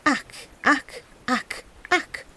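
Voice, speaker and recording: A woman voicing a chorus of pond frogs that cry out in shrill, repeated croaks in a storybook reading. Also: extremely slow, pushed and bright, dry recording. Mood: croaking.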